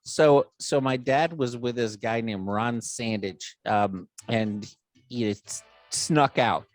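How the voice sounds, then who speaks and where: A man's voice: mid-range voice, slow pace, no room sound, soft background music. A middle-aged man hosting a podcast, telling a long funny family story in casual chat and acting out the voices of the people in it. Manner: animated storyteller, acts out quoted voices, swears freely. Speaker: podcast host.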